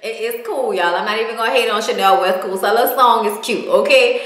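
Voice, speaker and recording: A sassy woman with a high voice dishes on a reality show, cursing freely and tagging her lines with "okay?". She talks in a loose, casual way. The room around her sounds echoey. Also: brisk, fairly bright tone. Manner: sassy, profane, says "okay?" constantly. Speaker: reality TV recapper. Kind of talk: casual recap commentary.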